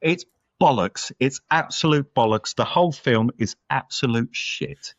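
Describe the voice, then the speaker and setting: A man co-hosting a casual film review podcast, blunt and sweary and quick to laugh. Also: mid-range voice, dry recording. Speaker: podcast co-host. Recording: slightly dull lo-fi sound.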